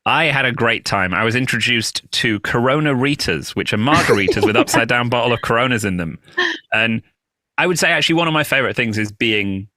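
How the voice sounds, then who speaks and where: British comedian guest, bright and animated storyteller, dry close mic. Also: male voice, medium pitch, fairly quick, dry recording. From United Kingdom. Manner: animated storyteller who acts out quoted voices. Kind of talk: casual podcast chat.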